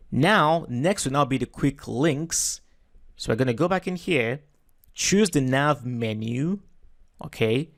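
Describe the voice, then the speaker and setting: A man giving a relaxed, step-by-step screen-recorded web design tutorial, correcting himself as he goes. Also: medium pitch, no echo, studio quality.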